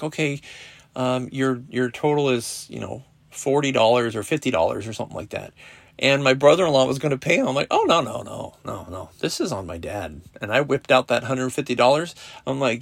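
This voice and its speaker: A middle-aged man hosting a podcast, telling a personal story in a casual, profane, animated way with lots of quoted dialogue. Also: medium pitch, normal speed, gravelly, no echo. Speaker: podcast host. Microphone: podcast app recording.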